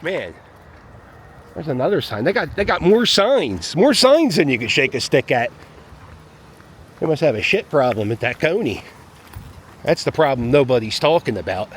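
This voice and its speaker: A man's voice: on the high side, sing-song, normal speed, pauses often, a little hiss or hum. A man giving rambling, wry commentary to a handheld camera as he walks his dog down a city street. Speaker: vlogger walking his dog. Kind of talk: casual walking commentary.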